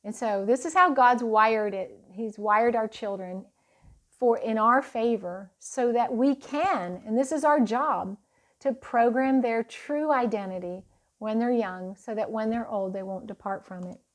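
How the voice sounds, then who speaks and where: A woman's voice: a little high, measured pace. A woman teaching parents in a casual, chatty way, telling stories with a laugh and speaking of faith.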